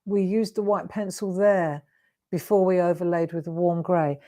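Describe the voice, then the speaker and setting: A woman's voice: lowish voice, fairly even intonation, moderate pace, mellow. A middle-aged woman hosting a live craft demonstration, talking viewers through her coloring in a chatty, coaxing way. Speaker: craft show host.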